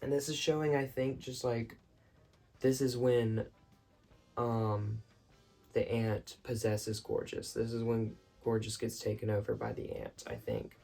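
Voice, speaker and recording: Brief: man, gravelly dark voice, excitable rambling monologue, faint music under it. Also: mid-range voice, measured pace. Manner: excitable, rambling, apologetic asides. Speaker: vlogger reviewing a film. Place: his bedroom at night.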